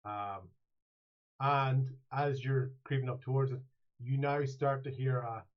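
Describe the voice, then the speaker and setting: A man's voice: medium pitch, steady tone, a little slow. Man, game master, rambling, playful, dull lo-fi mic. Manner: rambling, playful, restarts often. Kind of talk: narrating a tabletop game.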